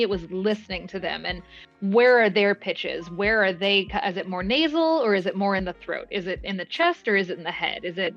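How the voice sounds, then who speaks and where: A woman voice actor chatting in an interview, talking freely with lots of fillers and quick laughs. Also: medium pitch, a bit bright, lo-fi sound. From moved often, mainly Alaska. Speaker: voice actress guest. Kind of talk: casual interview chat.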